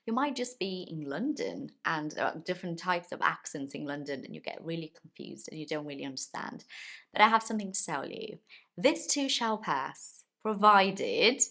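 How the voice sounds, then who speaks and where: A woman English teacher, a native Portuguese speaker, giving a friendly, encouraging video lesson and slowly stretching key words for emphasis. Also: lowish voice, a bit bright.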